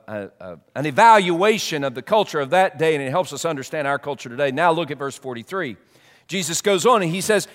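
Animated male pastor preaching in a hall. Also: sits high. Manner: animated preaching with repetitions and stretched emphasis. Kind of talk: sermon.

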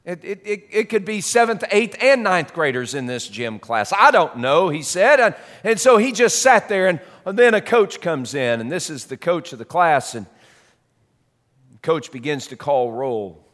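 A man preaching a sermon as a story, dramatic, swinging between loud and soft. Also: fairly high pitch, lively intonation, moderate pace. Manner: dramatic, shifts loud and soft, repeats words.

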